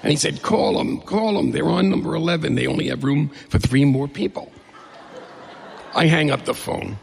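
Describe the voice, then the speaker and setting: A middle-aged man telling a lively, humorous personal story to an audience, acting out the dialogue. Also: fairly high pitch, moderate pace, creaky, husky, big-room sound.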